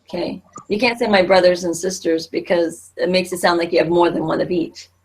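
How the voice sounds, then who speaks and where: A middle-aged woman teaches a Spanish class in a classroom, explaining each point patiently and circling back with fillers and restarts. Her voice is a little low and husky. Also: steady tone, fairly quick.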